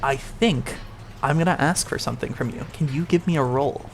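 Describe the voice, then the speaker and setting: A man's voice: mid-range voice, normal speed, gravelly. Easygoing male game master, faint hiss. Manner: relaxed, lots of fillers. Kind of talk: narrating a tabletop game.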